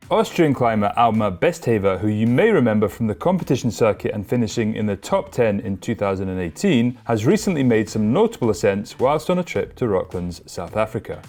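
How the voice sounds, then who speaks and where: A man's voice: mid-range voice, expressive, normal speed, darkish tone, soft background music. Easygoing man co-hosting climbing news. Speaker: co-host of climbing news show. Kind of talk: news show banter and read reports.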